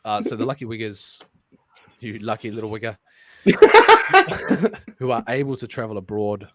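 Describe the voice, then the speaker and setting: A man's voice: lowish voice, sing-song, unhurried, very noisy. A man hosting a casual live chat, reading an article aloud, laughing often and stumbling as he tries a put-on accent. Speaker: podcast host.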